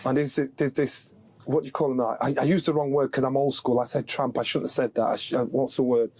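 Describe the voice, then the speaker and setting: A man's voice: mid-range voice, a little fast. A middle-aged man from England, a guest on a podcast, telling stories in casual chat and acting out the voices of the people in them. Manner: animated storyteller, acts out quoted voices. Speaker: podcast guest, former boxing world champion.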